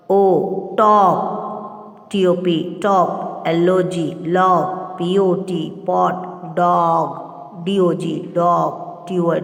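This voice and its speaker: A woman teacher with an Indian English accent runs a phonics drill for young children. She spells each short word letter by letter, unhurried and deliberate, before saying it whole. The recording has the long, roomy reverb of a bare room. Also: fairly low pitch, creaky. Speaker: kindergarten teacher.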